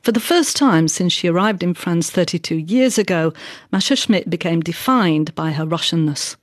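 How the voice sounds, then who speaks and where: Low-voiced woman reporter narrating. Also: animated, no echo, studio quality. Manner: measured, factual. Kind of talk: scripted narration.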